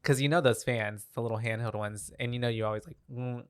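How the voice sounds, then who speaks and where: Guy rambling on a podcast, lots of likes and ums, smooth voice, dry sound. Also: mid-range voice, fairly even intonation, fast talker, no room sound. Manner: rambling, filler-heavy. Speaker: podcast co-host. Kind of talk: casual chat recapping a horror film.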